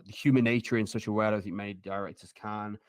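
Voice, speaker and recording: A man's voice: lowish voice, steady tone, fast talker, dry recording. A man co-hosting a casual movie podcast, scattered and swearing as he ranks films. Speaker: podcast co-host. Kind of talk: casual movie-ranking chat.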